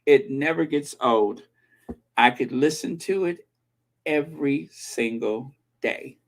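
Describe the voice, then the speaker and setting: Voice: medium pitch, slow pace. A channel host chatting casually, opinionated and breaking into snatches of old TV theme songs. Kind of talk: casual chat.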